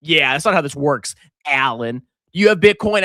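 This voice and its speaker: Finance host, male, mocking and loud; bright, high voice, dry close sound. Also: lively intonation, normal speed, dry recording. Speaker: finance commentator. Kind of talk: reaction commentary reading comments.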